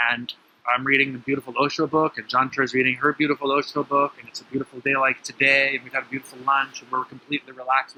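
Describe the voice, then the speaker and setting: A man with a very bright, forceful voice tells a story in conversation and acts out the back-and-forth dialogue. He is outdoors, with faint ambient noise behind him. His pitch sits in the middle range. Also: rough recording. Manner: animated, acts out quoted dialogue. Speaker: interview guest. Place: outdoor terrace at his home.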